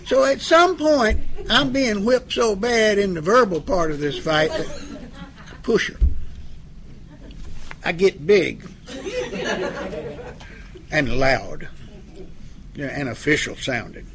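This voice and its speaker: A man's voice: sits high, lively intonation, slow pace, long pauses, crowd noise. A middle-aged man giving a humorous, folksy talk on relationships in recovery to an audience, acting out both sides of a couple's fights. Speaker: speaker on addiction recovery.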